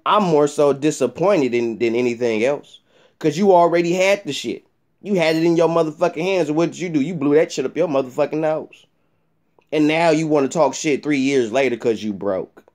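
A man's voice: fairly high pitch, moderate pace, darkish tone. Heated profane man ranting about boxing. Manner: profane, heated, repetitive rant. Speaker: boxing vlogger. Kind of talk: ranting commentary to camera.

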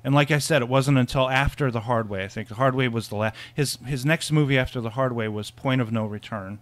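A man's voice: medium pitch, a little fast. A man co-hosting a casual film podcast, rambling and laughing often, with many restarts. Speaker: podcast co-host.

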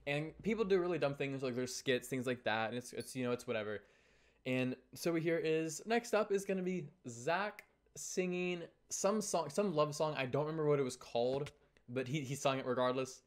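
A teenage guy tells a story to his viewers in a casual vlog, in a fairly high-pitched voice. He rambles and sounds exasperated. He keeps stopping and restarting his sentences. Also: normal speed. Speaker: YouTuber.

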